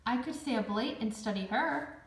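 A woman's voice: fairly high pitch, animated, normal speed, noisy background, voice pushed up. A friendly young schoolboy who narrates a storybook in a chatty way, as a woman reads him aloud. It is recorded in an echoey room. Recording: roomy echo.

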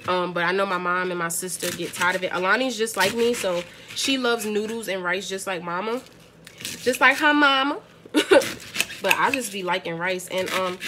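A young woman from the Bronx, New York, a family vlogger, chats casually with viewers while cooking dinner in her home kitchen, laughing often. Her voice is fairly low, and there's background noise.

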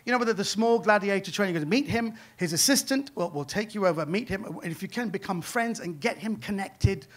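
A man's voice: sits high, lively intonation, fairly quick, hardly any pauses. A man voicing a serious film producer who explains a problem in an earnest, businesslike way.

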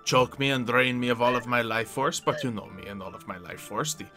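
A man's voice: mid-range voice, sharp tone, soft background music. A man playing his character in a Minecraft roleplay, speaking formally and measuredly. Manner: formal, measured, often addresses the other by name. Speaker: roleplay player.

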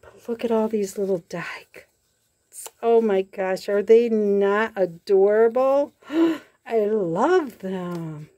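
Slow, gushing woman unboxing crafts. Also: mid-range voice. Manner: gushing, excited, many soft exclamations. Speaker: crafting vlogger. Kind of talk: casual unboxing chat.

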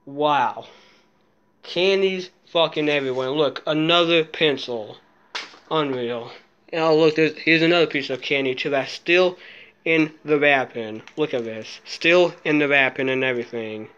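A man filming a casual handheld vlog, jittery and muttering to himself, swearing often, sometimes dropping into soft baby talk to a cat. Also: on the high side, unhurried, smooth, highs cut off. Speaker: vlogger.

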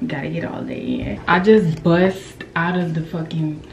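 A young woman vlogs straight to the camera, candid and profane, cracking up at her own mishaps. Her voice rings in a roomy, echoey space with steady noise behind her. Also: low-pitched, unhurried, far from the mic. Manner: candid, swearing, laughing at herself. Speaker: vlogger. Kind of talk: casual vlog talk to camera.

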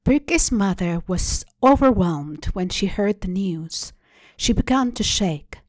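A woman hosting a storytelling show, reading a translated short story aloud in a measured, deliberate way. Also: medium pitch, animated, darkish tone, no room sound. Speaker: story reader. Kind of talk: literary reading.

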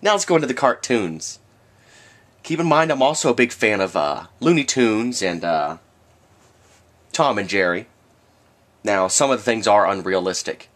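A man's voice: on the low side, animated, moderate pace, long pauses, fairly bright tone. A man delivering a rambling, sarcastic rant to camera, with sudden outbursts. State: has the hiccups. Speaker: vlogger. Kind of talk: ranting monologue.

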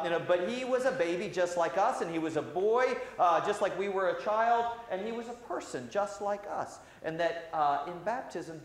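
A man, a priest, giving a gentle, conversational children's sermon with many "uh" fillers in a church sanctuary. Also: sits high. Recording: very echoey church hall, faint hiss.

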